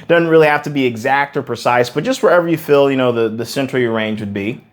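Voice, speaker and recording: A man's voice: mid-range voice, quick pace. A man teaching singers as a vocal coach, talking emphatically, repeating words for stress and breaking into short sung demonstrations. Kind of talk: singing lesson to camera.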